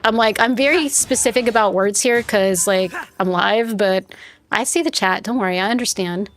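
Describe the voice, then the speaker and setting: A woman streams a game live, chatting casually, telling a rambling story and talking back to her viewers. Her voice is mid-range at a normal speed.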